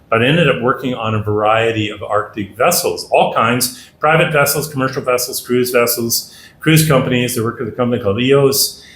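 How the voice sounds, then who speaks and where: A middle-aged Canadian man spins yarns at a dinner talk in a mid-pitched voice, acting out the other people's lines as he goes. The room is echoey, with a faint hum of ambience behind him. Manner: anecdotal, animated, acts out dialogue. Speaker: guest speaker. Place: dinner hall.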